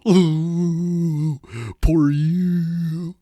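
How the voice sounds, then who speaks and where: Sneering high-voiced bully ghost, put on by a man. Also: level tone, drawn-out words, mellow, no echo. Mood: mocking. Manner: taunting, sarcastic.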